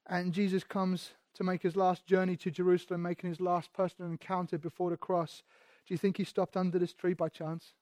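A man preaches a sermon full of repeated phrases and rhetorical questions, sometimes sinking to a hush and sometimes building to loud. His voice sits high, with no room sound.

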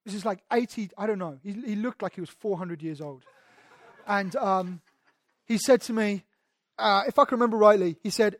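A man's voice: high-pitched, moderate pace, dry recording. Man preaching conversationally, dry sound. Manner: conversational preaching, emphatic, often repeats words. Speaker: pastor. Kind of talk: sermon.

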